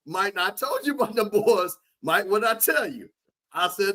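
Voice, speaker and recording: A man with a high, bright voice riffs on college football with a teasing, animated delivery. He leans on repetition and comic asides. He sounds like a regular co-host enjoying himself. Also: normal speed. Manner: animated, joking, repeats names for emphasis. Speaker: co-host, sports analyst. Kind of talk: comedic sports chat.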